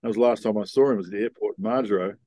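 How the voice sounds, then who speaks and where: An older man being interviewed, telling long rambling stories in a relaxed, casual way. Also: on the low side, racing, dry recording. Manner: laid-back rambling storyteller. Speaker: guest.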